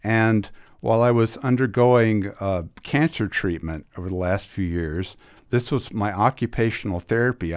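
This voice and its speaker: Middle-aged guy, lowish voice, rambles and restarts a lot, enthusiastic interview chat. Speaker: comics restorer and editor. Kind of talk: casual interview talk.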